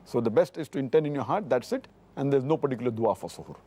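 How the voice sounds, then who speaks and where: Middle-aged scholar guy, mellow dark voice, lays out rulings and quotes hadith numbers. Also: mid-range voice, lively intonation. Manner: measured, cites hadith numbers precisely, repeats points. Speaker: Islamic scholar answering questions. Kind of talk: scholarly explanation with hadith citations.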